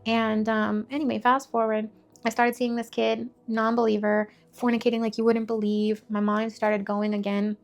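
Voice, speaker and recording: A woman's voice: on the high side, flat delivery, normal speed, vocal fry. A young woman telling her faith testimony in a candid, conversational way, blunt and full of filler words.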